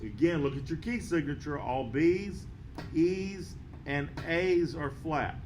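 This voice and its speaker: A man teaching a band lesson, counting beats aloud and explaining rhythm in a steady, patient way. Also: a little high, slow pace, a little hiss or hum, low-quality recording. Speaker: music teacher.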